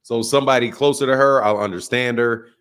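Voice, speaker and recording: A man's voice: medium pitch, steady tone, a little fast, fairly bright tone, clean tone. A man from the United States hosting a boxing channel, chatting casually on a live stream, boastful and joking, swearing freely.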